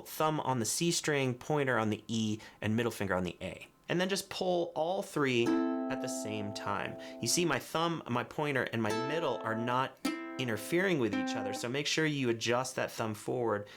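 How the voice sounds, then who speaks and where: Male ukulele teacher, mid-pitched, patient and clear, ukulele heard behind him. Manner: clear, patient step-by-step instruction, counting beats aloud. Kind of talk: music tutorial, counting and singing along. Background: ukulele strumming.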